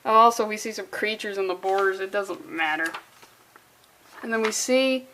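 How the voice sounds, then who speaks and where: A woman's voice: a little high, normal speed, fairly bright tone. A woman reviewing a comic book in a sarcastic, exasperated way, swearing freely and using valley-girl phrasing.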